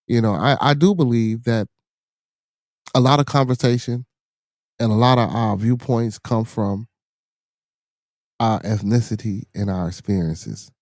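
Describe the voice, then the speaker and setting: Chicago man host, loose profane rambling talk, warm tone, dry mic. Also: lowish voice, dry recording. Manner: loose, profane, repeats himself, many restarts. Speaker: podcast host reading viewer comments. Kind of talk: casual livestream chat.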